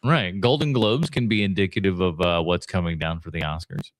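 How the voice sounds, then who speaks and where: A man hosting a podcast, chatting casually and reacting to clips with frequent pauses and fillers. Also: low voice. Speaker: podcast host. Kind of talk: casual commentary.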